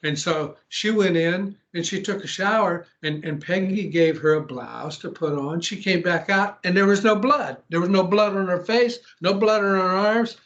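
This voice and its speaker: A man, a pastor, telling a long story in an interview, earnest, with frequent restarts and throat clearing. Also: high voice, moderate pace, few pauses, a bit bright, lo-fi sound. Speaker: pastor and exorcist guest.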